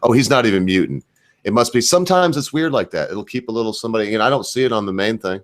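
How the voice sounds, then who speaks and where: A man's voice: lowish voice, animated, fast talker. A man hosting a casual voice-call chat from home, rambling and swearing freely in laid-back banter. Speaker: host.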